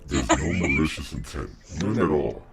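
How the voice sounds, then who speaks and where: A man voicing a laid-back male sleep-paralysis demon through a voice modulator, teasing and drawn-out. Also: animated, loud music behind the voice, exaggerated voice. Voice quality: very deep and gravelly, voice-modulated.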